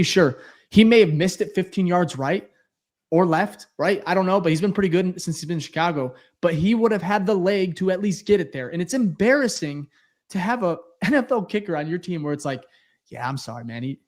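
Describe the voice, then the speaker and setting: A man's voice: a little high, darkish tone. A young man co-hosting a sports podcast, venting bluntly and swearing as he breaks down a loss. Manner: frustrated, blunt, swears, repeats himself. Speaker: podcast co-host. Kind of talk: heated post-game podcast rant.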